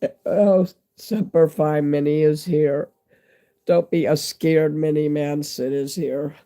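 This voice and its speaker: A man in his fifties with a hoarse, fading voice and a stuffy nose, rambling candidly to his viewers in a casual live-stream chat. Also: a little high, fairly even intonation, takes it slowly, warm tone. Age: 50s.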